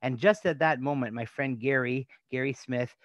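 Male pastor, mid-pitched, preaching with rhetorical questions, dry close sound. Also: moderate pace, no room sound. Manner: rhetorical questions, emphatic repetition. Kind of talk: sermon.

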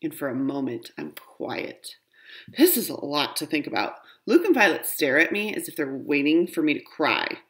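A woman reading a children's storybook aloud, with a lower voice that swoops up and down expressively. Her delivery is animated and playful. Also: normal speed. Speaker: reader.

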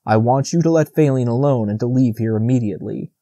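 A man voicing a young male deer who speaks quietly with controlled anger in an audiobook. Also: mid-range voice, fast, no echo, clean studio sound, lightly acted. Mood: cold anger.

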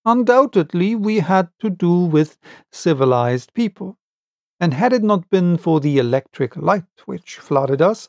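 A man narrating a classic novel in a deliberate, unabridged audiobook reading. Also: on the high side, darkish tone, no room sound.

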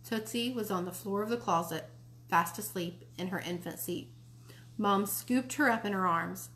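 A woman reading a children's novel aloud for a library, in a lively, expressive way. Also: mid-range voice, unhurried. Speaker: library storytime reader. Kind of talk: read-aloud storybook narration.

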